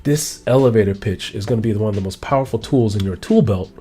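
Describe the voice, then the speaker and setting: A man who is a productivity coach, teaching to camera in a motivational way, acting out both sides of conversations. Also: fast. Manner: animated, acts out both sides of conversations in higher voices.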